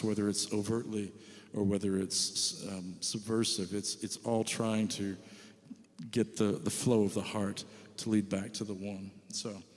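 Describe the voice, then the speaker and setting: A man in his forties, a visiting musician telling self-mocking stories between songs to a church crowd. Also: lowish voice. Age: 40s. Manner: chatty, self-mocking, jokey asides to the crowd. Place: church hall with live audience. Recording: long hall reverb.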